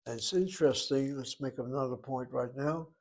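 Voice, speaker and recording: A man's voice: mid-range voice, normal speed, darkish tone. A man teaching a Hebrew class, explaining words and grammar step by step. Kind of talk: classroom lecture.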